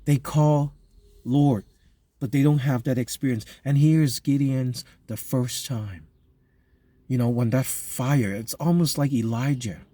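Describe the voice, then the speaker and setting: A man preaching a sermon. He reads scripture aloud, then explains it in a halting, conversational way with many fillers and restarts. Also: mid-range voice, mellow, no room sound. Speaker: pastor.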